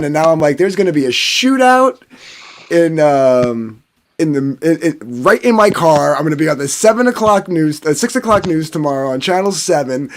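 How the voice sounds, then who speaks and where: Man telling a crude story, fairly high voice, acts out quotes, casual panel chat. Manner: animated, swearing, acts out quotes. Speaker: podcast panelist.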